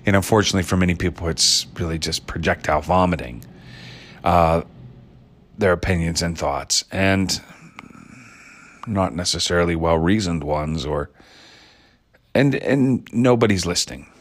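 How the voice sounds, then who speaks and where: Deep-voiced guy from ireland rambling on his own podcast, playful and wry. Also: moderate pace, long pauses, fairly bright tone. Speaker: podcast host. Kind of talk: solo musing monologue.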